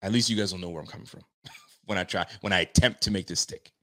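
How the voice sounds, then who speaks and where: Quick-paced and low in pitch, this man hosts a live stream and works through viewer comments. He talks to fans casually and in slang, swears freely, and gets excitedly worked up.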